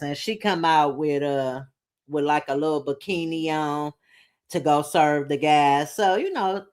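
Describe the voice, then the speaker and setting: Animated blunt woman recapping TV. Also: deep voice. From Detroit. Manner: animated, blunt and profane, with slangy grammar. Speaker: reality TV recapper. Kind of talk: casual recap commentary.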